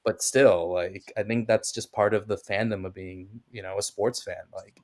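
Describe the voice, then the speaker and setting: A young man joins a stream as a podcast guest and chats casually, rambling with lots of "like," filler words and restarts. His voice sits fairly low, with fairly even intonation, at a normal speed.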